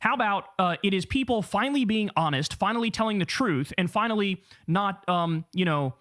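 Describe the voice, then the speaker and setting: A man in his thirties streaming, reading an article aloud and reacting with profane, animated swagger. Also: sits high, fairly quick. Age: 30s.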